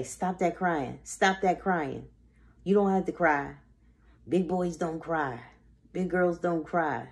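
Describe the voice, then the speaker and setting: A woman hosting a short inspirational faith talk, preaching with rhetorical questions and dramatic pauses. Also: on the low side, a little mellow. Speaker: host.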